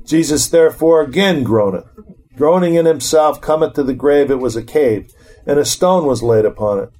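A man's voice: fairly high pitch, animated, normal speed, warm tone. Man teaching scripture in a chatty way. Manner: reads scripture aloud then comments conversationally. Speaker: Bible study teacher. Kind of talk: informal Bible teaching.

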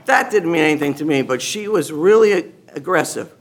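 A man giving a personal testimony to a gathered group, an animated storyteller who acts out other people's lines and laughs often. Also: on the high side, fairly quick. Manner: laughs often while talking. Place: meeting room with a gathered group.

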